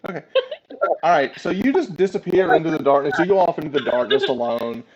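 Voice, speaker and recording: A man's voice: a little high, expressive, brisk, darkish tone, muffled recording, slight background noise. A man narrating a tabletop game as game master, with many ums and uhs. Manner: hesitant, filler-heavy narration.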